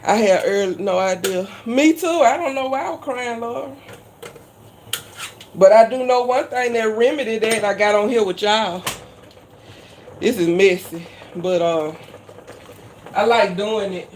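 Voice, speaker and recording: A woman's voice: medium pitch, a little slow, long pauses, darkish tone, a little hiss or hum. Woman host, chatty and folksy with viewers, casual live-stream talk. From Louisiana. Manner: chatty and folksy, heavy Southern slang. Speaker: cooking channel host.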